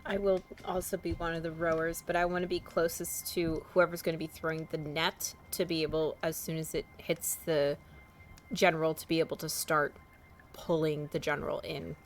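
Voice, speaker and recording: A woman's voice: sits low, little pitch movement, normal speed, soft background music. A woman playing in a tabletop game, talking matter-of-factly through the rules and her plans. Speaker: player.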